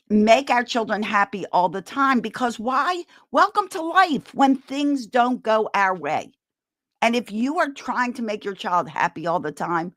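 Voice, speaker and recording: A woman giving a live-streamed parenting talk, animated and encouraging as she leads the audience in a laughter exercise. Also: lowish voice, no echo, clean studio sound. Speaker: parenting speaker.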